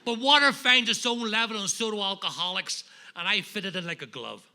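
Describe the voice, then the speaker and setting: A man's voice: high-pitched, a little fast, gravelly, sharp tone. A man with a Northern Irish accent, telling his recovery story at a meeting in a wry, self-deprecating way, landing jokes for the audience. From Northern Ireland. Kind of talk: humorous personal recovery talk.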